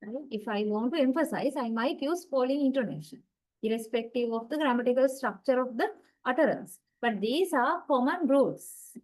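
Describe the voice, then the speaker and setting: Higher-pitched woman lecturing step by step. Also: moderate pace, darkish tone, rough recording. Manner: explains step by step, often checks with "right?"; demonstrates intonation with spoken examples. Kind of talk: university lecture.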